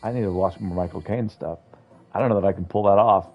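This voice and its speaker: A man's voice: low voice, fast. A man streaming a game playthrough, reading the characters' lines aloud in changing voices and accents. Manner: animated, switches into different voices and accents for each character. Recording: dull lo-fi stream audio with faint game music.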